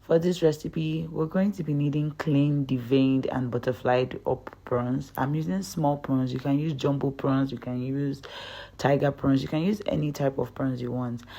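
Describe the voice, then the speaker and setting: A woman's voice: a bass voice, fairly even intonation, normal speed, mellow, a little hiss or hum. A young woman hosting her own cooking channel, talking viewers through a recipe step by step in a chatty, upbeat way. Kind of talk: recipe tutorial voice-over.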